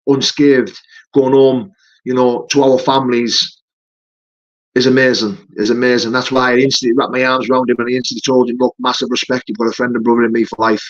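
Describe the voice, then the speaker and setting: Man, a fighter hosting a live stream, mid-pitched voice, casual and matey, dull lo-fi stream audio. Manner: matey, peppers talk with "mate" and "you know". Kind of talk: casual live-stream chat, answering viewer comments.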